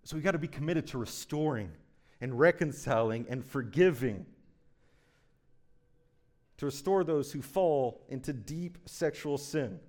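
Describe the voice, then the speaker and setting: Male pastor, mid-pitched, preaching with urgent intensity and emphatic repeated phrases. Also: expressive, measured pace, pauses often, a little mellow. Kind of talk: sermon.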